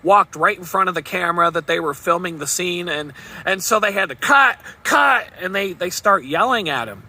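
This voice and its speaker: A man's voice: high voice, lively intonation, moderate pace, pushed and bright. A man vlogging, telling a rambling story in a casual, chatty way and chuckling at it.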